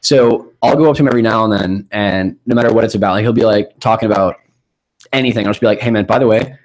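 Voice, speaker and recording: A man's voice: fairly low pitch, fast, rough recording. A man co-hosting a casual podcast, joking and swearing freely. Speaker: podcast co-host. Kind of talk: casual banter.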